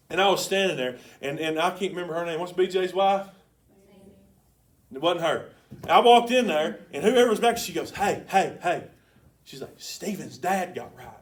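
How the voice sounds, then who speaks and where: A man preaching in a church, telling a story in a colloquial, excitable way with sudden loud bursts. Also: high-pitched, distant mic. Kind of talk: sermon with storytelling. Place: church sanctuary.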